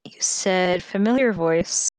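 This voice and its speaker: Woman player in a tabletop game, kinda low voice, dry sarcastic back and forth. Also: slow, a little mellow, clear, resonant tone, no room sound. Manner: wry, suspicious banter with laughs. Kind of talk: role-play in a tabletop game.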